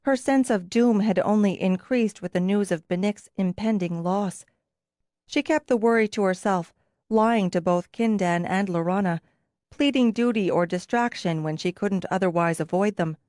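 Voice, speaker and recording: A woman reads a fantasy audiobook in steady, expressive narration. Her voice sits at a middle pitch, close and dry on the mic. The delivery is calm storytelling. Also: normal speed, no room sound. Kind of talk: scripted narration.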